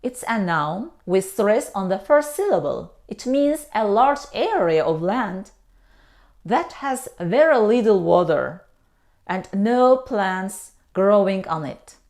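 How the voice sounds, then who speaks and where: A woman gives a slow, careful pronunciation lesson, saying each word twice and then explaining it. Her pitch rises and falls a great deal, and she keeps an unhurried pace. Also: big pitch swings, a little mellow. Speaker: English teacher.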